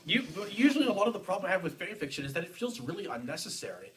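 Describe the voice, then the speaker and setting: A young man co-hosting a casual podcast, animated and jokey. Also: high-pitched, very fast. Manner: animated, jokey, breaks into silly voices. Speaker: podcast co-host. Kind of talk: casual chat. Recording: distant mic with some background noise.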